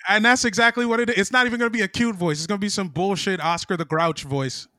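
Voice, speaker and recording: High, bright-voiced man teasing friends. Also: fast talker, no room sound, studio quality. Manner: teasing, profane banter. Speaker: podcast co-host. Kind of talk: casual chat.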